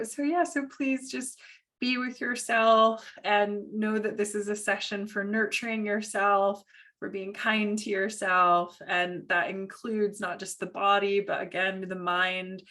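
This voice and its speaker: A woman guides a yoga class with gentle, reassuring instructions. Her nose is stuffed up from a cold, and her voice sits at an ordinary middle pitch. She speaks over a video call. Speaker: yoga teacher.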